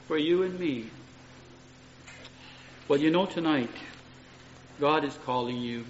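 A man's voice: high-pitched, a little mellow. Middle-aged guy preaching, earnest and homely, lots of "you know", muffled echoey church hall sound. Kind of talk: sermon. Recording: dull echoey room recording.

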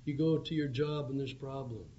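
A man preaches an evangelistic sermon full of earnest, pleading appeals. His mid-range voice is steady and dark at a normal speed, heard on a dull lo-fi recording with a faint hum in the background.

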